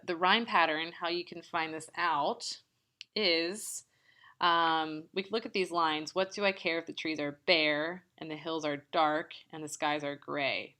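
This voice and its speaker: A woman teaching a poetry lesson in a low, unhurried voice. Her tone is bright and clear. She explains patiently, step by step, and taps out the rhythm of the lines.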